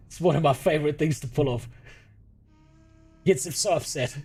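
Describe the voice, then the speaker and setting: A man's voice: a little high, measured pace, long pauses, a little mellow, breathy edge, faint music behind. A man from South Africa with a South African accent, streaming and chatting casually with his chat, crude and sarcastic, often laughing. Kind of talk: casual livestream chat, reading chat.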